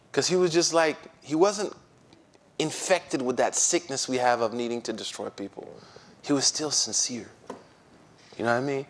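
A man who serves as an imam, giving an informal religious talk to an audience. He tells stories in an animated way, using slang and acting out what people said. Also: mid-range voice. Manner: animated storytelling with slang and acted-out quotes.

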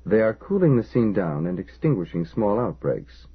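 Male reader as a dismissive fire general: husky, low-pitched, lively. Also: normal speed, exaggerated voice. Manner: curt, dismissive. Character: proud sarcastic male fire brigade general. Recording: lo-fi phone-like audio.

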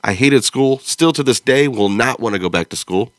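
A man's voice: medium pitch, moderate pace, slight background noise. An American man hosting a podcast, reacting to a video in blunt, profane, joking casual chat. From United States. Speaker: podcast host.

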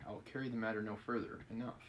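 A man's voice: lowish voice, little pitch movement, fast, muffled recording, slight background noise, natural voice. A man reading aloud as a pompous, self-righteous male official. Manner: pompous, indignant. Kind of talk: reading a novel aloud on a live stream.

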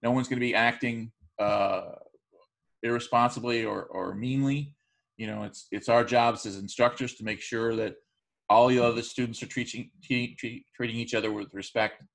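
A male college instructor giving a recorded online lecture, speaking in a measured way with frequent fillers and restarts. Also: mid-range voice, fairly even intonation, gravelly, fairly bright tone.

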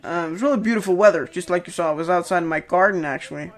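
A man's voice: high-pitched, rapid-fire. A young man gives casual, rambling commentary on his own videos, full of fillers and restarts. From Denmark.

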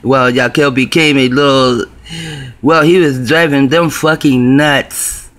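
A man's voice: mid-range voice, fairly even intonation, slow pace, fairly bright tone. A man telling a personal story to camera in a rambling, profane, conspiratorial way. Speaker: video blogger.

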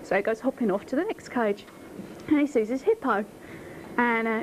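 A woman's voice: on the high side, a little fast, darkish tone, a little hiss or hum, poor audio. A woman telling a joke to camera in an office, giggly and self-mocking, picked up by a camcorder mic. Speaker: office worker. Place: office room.

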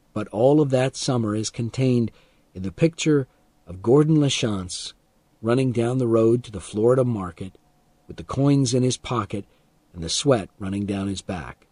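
A man reading a first-person story aloud as an audiobook narrator, calm and expressive, for English learners. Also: medium pitch, no echo.

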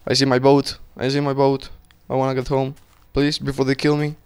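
A young man giving casual, excitable commentary while playing a game, swearing and talking to himself. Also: mid-range voice, brisk, clean tone. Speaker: gaming channel host.

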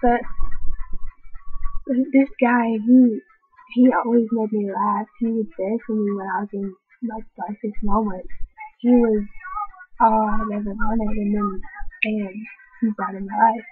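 A woman's voice: mid-range voice, level tone, unhurried, pauses often, breathy edge. A teenage woman in a confessional vlog, talking emotionally and rambling with many restarts. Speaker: vlogger. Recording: tinny lo-fi audio with music behind.

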